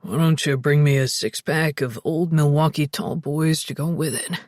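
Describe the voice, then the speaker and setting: A woman voicing a weary, hungover young man in an audiobook, gruff and bitter. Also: sits low, a little slow, dry recording, clean studio sound, voice pushed down. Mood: sullen.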